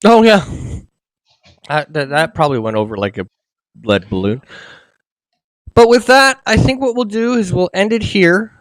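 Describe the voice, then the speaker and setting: A man with a Canadian accent hosts a casual history show and explains points in an easygoing way. His voice is slightly high. The sound is dry and close, with no room echo. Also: moderate pace, pauses often. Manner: explanatory, relaxed sign-off. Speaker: show host.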